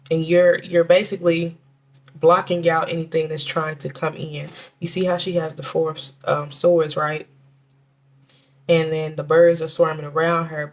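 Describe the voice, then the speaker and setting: A woman giving a casual tarot reading, talking in a chatty, halting way with many restarts and fillers, and slowing down to name the cards. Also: deep voice. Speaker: tarot reader.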